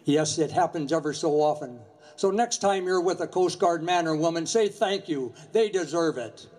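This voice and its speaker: A man's voice: fairly high pitch, a little mellow, slight background noise. Earnest older man giving a memorial speech. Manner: earnest, measured storytelling. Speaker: retired Coast Guard station commander.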